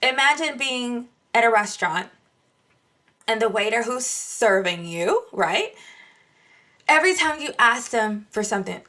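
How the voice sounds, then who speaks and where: A woman delivers a devotional talk, preaching with lively emphasis and speaking straight to her listeners. Her voice sits a little higher than most women's. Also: a little slow. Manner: animated preaching, addresses listeners as y'all. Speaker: Christian podcast host. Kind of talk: devotional teaching.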